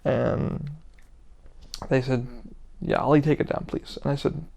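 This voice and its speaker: A man's voice: mid-range voice, steady tone, creaky, a little mellow, a little hiss or hum. A man hosting his own podcast, talking alone in a rambling, profane way and acting out what his friends said. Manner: rambling, profane, quick to act out quoted friends. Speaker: podcast host. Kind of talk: casual solo podcast monologue.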